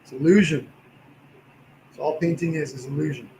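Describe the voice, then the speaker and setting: Male painting instructor, slightly raised pitch, tired voice, encouraging, roomy live-stream sound. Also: moderate pace, a little hiss or hum. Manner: relaxed, encouraging, talks while working. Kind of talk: livestream painting tutorial.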